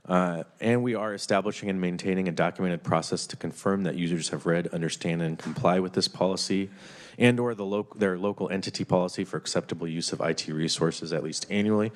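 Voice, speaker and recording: A man with a very deep voice walks lawmakers through a basic IT training. He speaks haltingly, full of fillers and restarted phrases. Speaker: IT trainer presenting to committee. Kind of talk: committee presentation.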